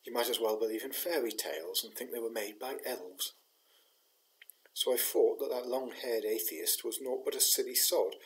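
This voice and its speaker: A man's voice: mid-range voice, close to an everyday voice, low-quality recording. A man reading a poem in the voice of a disillusioned young soldier in the trenches, reciting earnestly with a grieving tone. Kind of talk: poetry reading.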